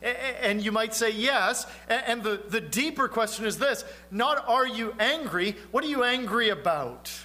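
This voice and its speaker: A man delivering a sermon with a high, bright voice. He preaches earnestly and conversationally, putting rhetorical questions to his listeners. He sometimes sinks to a soft, low tone to press a point home. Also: expressive, moderate pace, few pauses. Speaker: pastor.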